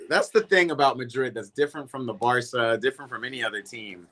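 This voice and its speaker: This livestream host is a young man running a football watch party, casually reacting to the game and saying hello to people in the chat. He talks fast in a medium-pitched, slightly bright voice.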